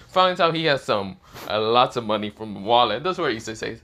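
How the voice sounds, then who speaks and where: A man's voice: medium pitch, lively intonation, fairly quick, hardly any pauses, sharp tone, a little hiss or hum. A man improvising a fan-fiction story aloud, rambling with many fillers and self-corrections.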